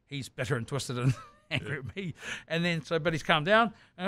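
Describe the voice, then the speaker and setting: A man with a New Zealand accent, a podcast host telling a comic anecdote in an animated, laughing way. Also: fairly high pitch, moderate pace, no echo. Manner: animated storyteller, laughing through his tale. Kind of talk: comedic anecdote.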